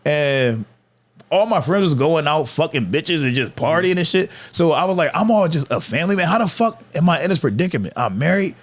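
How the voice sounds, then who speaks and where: A man's voice: fairly high pitch, animated, brisk. A man in his thirties telling stories in a casual, profane podcast chat, laughing as he goes. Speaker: podcast guest, comedian.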